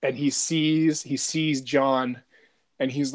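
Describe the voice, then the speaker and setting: A man's voice: medium pitch, measured pace. A man co-hosting a podcast in casual chat, rambling and profane, with lots of "dude" and "like". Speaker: podcast co-host.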